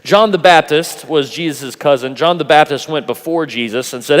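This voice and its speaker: A man preaching a sermon at a youth conference, animated and playful, acting out voices as he goes. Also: on the high side, normal speed. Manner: animated, acts out quoted voices, laughs often. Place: large conference hall. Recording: long hall reverb.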